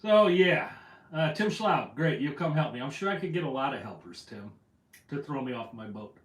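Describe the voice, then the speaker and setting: A man with a medium-pitched voice, lively intonation, and moderate pace hosts a casual fishing livestream. He reads viewer comments aloud in a rambling, self-deprecating manner, sounding distant in an echoey room.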